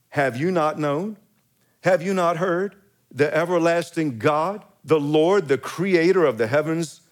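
A man preaching a sermon, reading scripture aloud and lifting his voice on key lines, with short chuckles between phrases and calls to the congregation to repeat after him. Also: on the high side. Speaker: pastor.

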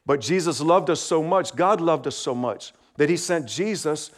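A slightly high-voiced man preaches a children's sermon at a moderate pace with few pauses. In a friendly, uplifting way he asks the congregation to repeat words back, with light laughter between his points.

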